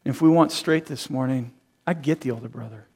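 A man's voice: medium pitch, a little fast, a little mellow, husky. A man in his thirties preaching a sermon, who acts out quoted voices and laughs at his own jokes. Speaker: pastor.

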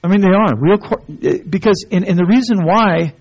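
Man, pastor preaching, fairly high voice, husky tone, muffled lo-fi recording. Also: moderate pace. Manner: conversational, repetitive restarts, rising to emphatic. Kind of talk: sermon. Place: church sanctuary. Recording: dull lo-fi sermon recording.

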